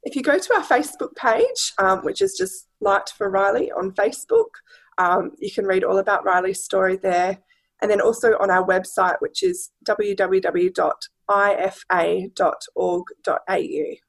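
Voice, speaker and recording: A woman's voice: medium pitch, normal speed, creaky, rough recording. An Australian woman speaking as a guest and charity director, talking earnestly and steadily in a podcast interview.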